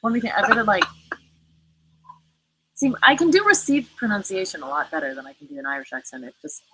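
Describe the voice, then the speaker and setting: A woman's voice: mid-range voice, very animated, fairly quick, noisy background. A woman hosting a casual live chat, answering viewer comments in a rambling way full of fillers and cursing. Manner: chatty, fillers, frequent cursing. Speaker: livestream host.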